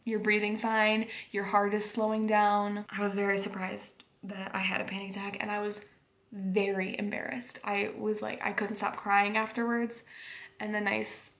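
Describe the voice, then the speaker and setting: Young woman vlogger, casual and rambling, notable vocal fry, mid pitch. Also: monotone, moderate pace, fairly bright tone. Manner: rambling, frequent fillers like "like". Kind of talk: casual storytelling vlog. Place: home at bedtime.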